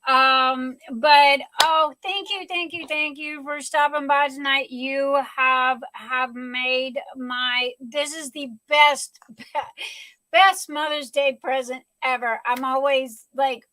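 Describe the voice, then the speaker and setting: A high, bright-voiced older woman with a drawl hosts a casual livestream chat. She gushes with emotion and stumbles over her words. The sound is dry and close. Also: steady tone, takes it slowly, no room sound, poor audio. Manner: gushing, emotional, many restarts. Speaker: livestream host.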